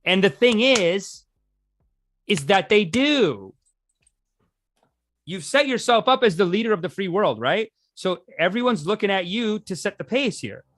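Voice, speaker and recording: A man's voice: high-pitched, very animated, a little slow, a bit bright. A man hosting a livestream, giving casual, rambling commentary and laughing often. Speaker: livestream host.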